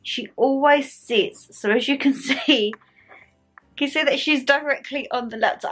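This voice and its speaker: A woman's voice: high voice, a little slow, faint music behind. Chatty woman vlogging at home. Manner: chatty, rambling storytelling with lots of "like". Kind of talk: casual vlog chat.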